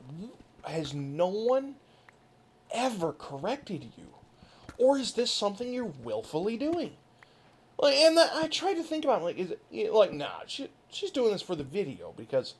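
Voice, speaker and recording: A gaming host rants casually over footage, rambling and cursing without a filter. The pitch is mid-height but swings widely from low mutters to high outbursts, so every remark sounds animated. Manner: rambling, profane, animated, frequent laughter. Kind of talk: casual rant over gameplay.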